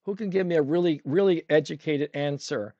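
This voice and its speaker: Painting live for his viewers, an art instructor with a mellow, fairly high voice talks fairly quickly, chatting and posing questions as he works, sometimes around a brush held in his mouth. The recording is dry and muffled.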